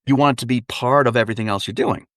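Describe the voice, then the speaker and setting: Male dialect coach guest, mid pitch, dry close mic, upbeat and laughing often. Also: very fast, a bit bright, no room sound. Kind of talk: casual interview chat.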